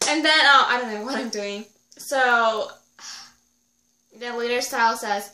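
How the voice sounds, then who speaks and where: A young adult woman giving a rambling, excitable recap of an episode, full of 'like' fillers. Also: a little high, measured pace, long pauses, roomy sound. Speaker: video reviewer.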